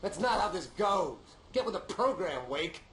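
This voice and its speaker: A wild, raving possessed man yells jeering taunts at the top of a strained, very high voice. Each line lurches up and down. The game audio echoes and carries constant background noise. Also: very animated, moderate pace, exaggerated voice. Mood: taunting. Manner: shouting taunts in combat.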